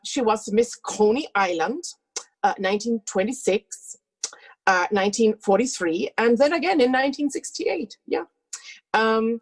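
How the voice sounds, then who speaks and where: A woman hosting a streamed cabaret, introducing the next act in a playful, teasing, flirtatious manner. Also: mid-range voice. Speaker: host.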